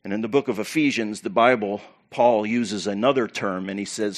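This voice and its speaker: A pastor preaching to his church, animated and preacherly, with loud bursts and quiet asides. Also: lowish voice, moderate pace, few pauses. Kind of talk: sermon.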